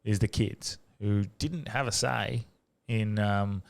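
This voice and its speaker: Australian man, podcast host, lowish voice, halting casual talk, many restarts. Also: vocal fry. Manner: halting, full of fillers and restarts, laughs often. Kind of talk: casual chat.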